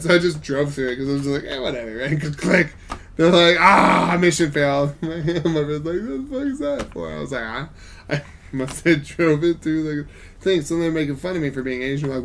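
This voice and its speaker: A man in casual gaming chat, telling stories in an animated way and laughing often, with a faint noise behind him. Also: on the high side. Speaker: podcast host.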